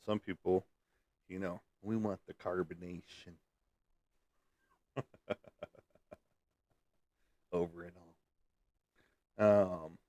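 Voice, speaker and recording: A man's voice: low-pitched, steady tone, very slow, long pauses, mellow, no room sound. A man hosting a casual livestream, rambling in a folksy way and chuckling as he answers viewer comments. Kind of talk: casual chat.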